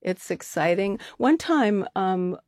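A woman's voice: mid-range voice, lively intonation, slow pace, darkish tone, dry recording, clean studio sound. An older woman talking as an interview guest, chatty and laughing often, with plenty of fillers. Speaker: guest, art activist co-founder. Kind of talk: casual interview talk.

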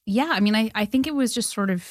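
Brief: thirtyish Canadian woman, lively rambling anecdotes, dry close sound. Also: a little high, quick pace, dry recording. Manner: animated storyteller, laughs often, many fillers. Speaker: filmmaker guest. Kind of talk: casual interview chat.

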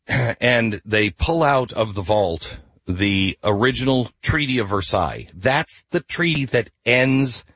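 A man's voice: lowish voice, slightly rough, no room sound, highs cut off. A man who is a radio talk show host, telling a story casually and acting out the voices of the people in it. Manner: animated, acts out the voices of people in his story.

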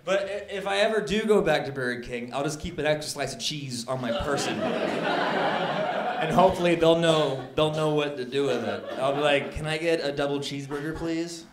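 A man performing a stand-up comedy set, telling a story with animated, rising mock outrage. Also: fairly high pitch, moderate pace, very noisy. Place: comedy club stage. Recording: echoey club with crowd laughter.

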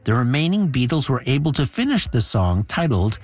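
A man's voice: mid-range voice, sing-song, brisk, soft background music. A man hosting a radio show, telling stories in scripted, conversational narration. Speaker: radio host.

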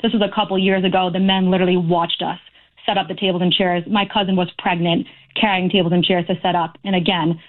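A woman's voice: lowish voice, level tone, fast. Lady calling into talk radio, earnest and fed up, tinny phone sound. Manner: earnest, aggrieved, talks in long runs. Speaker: caller.

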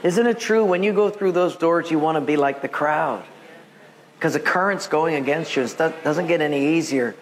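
A man preaching a sermon, telling stories and acting out the voices of people in them. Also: moderate pace. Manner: storytelling, acts out quoted voices with big pitch jumps. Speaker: pastor.

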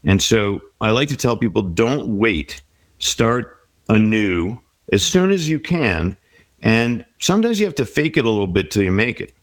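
Low-voiced man giving reflective advice. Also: lively intonation, moderate pace, dry recording. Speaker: guest. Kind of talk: conversational interview.

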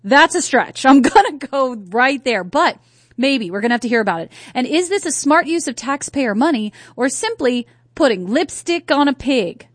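A woman's voice: sits high, expressive, normal speed, dry recording, clean studio sound. A woman from North Carolina hosting a talk radio show, chatting casually and asking her listeners rhetorical questions. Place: radio studio. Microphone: studio microphone.

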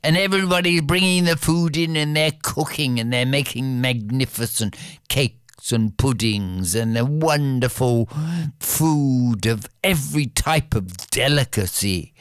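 A storyteller telling a fairy tale aloud in a playful, expressive way with repeated rhythmic phrases. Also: medium pitch, unhurried, clean tone, no echo, studio quality.

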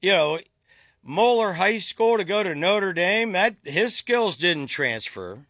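A man's voice: high voice, expressive, slow pace, bright, forceful tone, no echo. Wry middle-aged man, dry close voice. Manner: wry storyteller, dry jokes. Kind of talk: casual sports chat.

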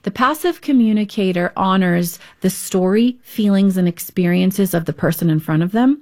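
A woman's voice: mid-range voice, moderate pace, darkish tone. Earnest woman counselor explaining. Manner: earnest, teacherly, acts out examples. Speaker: counselor and author. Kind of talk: interview guest explaining ideas.

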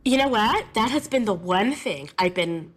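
A woman who teaches music, talking in an interview in a lively, emotional, chatty way. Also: mid-range voice, moderate pace. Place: classroom.

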